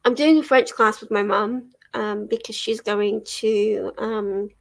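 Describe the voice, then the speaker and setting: A young woman hosts a casual livestream from her living room, reading chat aloud and answering viewers while laughing often and swearing lightly. Her medium-pitched voice is gravelly, fairly even in intonation and measured in pace.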